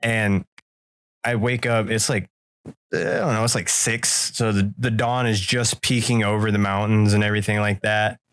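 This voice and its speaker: A man's voice: on the low side, moderate pace, clear, resonant tone. A man co-hosting a podcast, telling a story casually and acting out the voices in it. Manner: animated, acts out voices in his stories. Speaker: podcast co-host.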